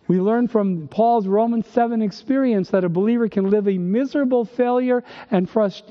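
An older male pastor from northern Minnesota, preaching emphatically with rhetorical questions and dry humor. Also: sits high. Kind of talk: sermon. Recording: dull recording with long hall reverb.

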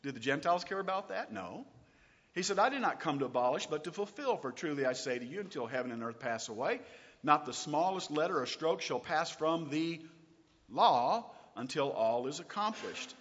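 A man teaching a recorded Bible lesson, asking his listeners questions and reading verses out slowly and with weight. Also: medium pitch, long reverb tail, muffled recording. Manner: lively, asks rhetorical questions, reads scripture slowly.

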